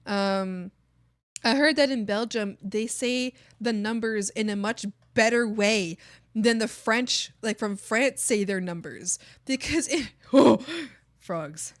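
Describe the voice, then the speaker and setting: A woman streamer chatting casually while she works, her voice a little high and her talk rambling and profane. She thinks aloud to her viewers and keeps breaking into excited outbursts. The sound is close and dry. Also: no room sound. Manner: rambling, swears freely, thinks aloud to chat. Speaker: art streamer. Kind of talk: casual livestream chat.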